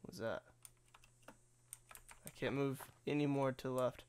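A man's voice: medium pitch, a little slow, darkish tone, slight background noise. A man giving casual, profane, rambling commentary while playing a video game for the first time, laughing often. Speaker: let's play gamer.

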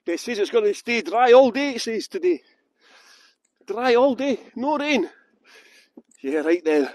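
A man's voice: very high voice, expressive, normal speed, a little mellow, no room sound. A Scottish man giving a live-streamed tour outdoors on a windy hilltop, chatting with viewers and laughing often. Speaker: tour guide. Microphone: good external microphone.

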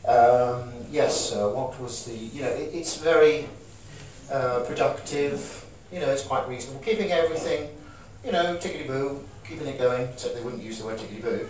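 A man's voice: medium pitch, normal speed, a little mellow. A man giving an informal, joking talk to a live audience, acting out emotions as he goes. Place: small event room. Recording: echoey room, voice from far off, audible noise.

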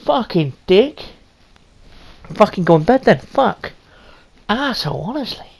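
A woman's voice: mid-range voice, animated, normal speed, creaky, darkish tone. A woman playing a story game on a stream, swearing constantly in brash, jokey commentary. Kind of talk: profane casual gameplay commentary.

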